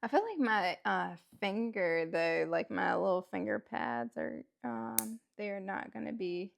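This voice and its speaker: A woman's voice: mid-range voice, a little slow, gravelly. A woman at home chatting casually while building a toy kit, rambling with lots of fillers and self-talk, laughing often. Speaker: host.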